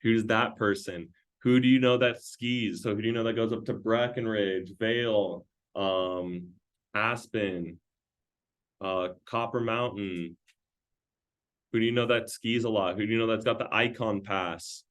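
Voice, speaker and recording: A man with a fairly low pitch and steady tone gives a training talk to a sales team. He fires off a rapid string of questions in a loose, conversational way.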